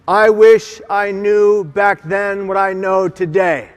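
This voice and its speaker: A man's voice: high voice, steady tone, slow, few pauses, smooth. A man giving an impassioned, emphatic motivational keynote speech, having the audience repeat lines after him, in a large conference hall. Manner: impassioned, emphatic, leads audience call-and-response. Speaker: keynote speaker. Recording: long hall reverb from conference hall.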